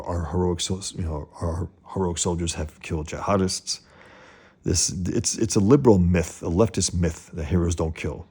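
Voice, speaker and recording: A man rambles through an opinionated, casual commentary, halting and restarting as he drifts off on tangents. His voice is very low, dark and gravelly, with a husky edge. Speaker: comics commentator.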